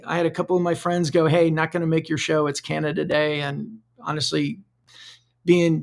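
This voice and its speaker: Middle-aged male podcast host with a heavy gravelly fry and a slightly high voice, chatty solo monologue with restarts. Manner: conversational, loose, repeats words while thinking.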